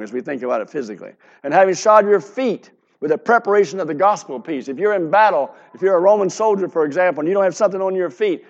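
Lo-fi preaching man, slightly high. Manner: preaching, reading scripture aloud with rising emphasis. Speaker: pastor. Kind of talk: sermon.

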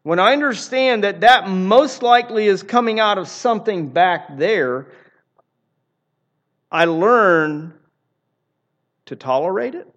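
High voiced guy preaching a sermon, earnest, repeats himself for emphasis. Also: animated, takes it slowly, long pauses, a bit bright. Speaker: pastor.

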